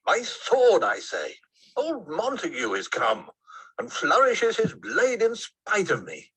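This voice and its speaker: A man's voice: high voice, wildly swooping pitch, takes it slowly, fairly bright tone, husky, full character voice, low-quality recording. An actor playing a hot-tempered old lord who calls for his sword, blustering in a Shakespeare audio drama.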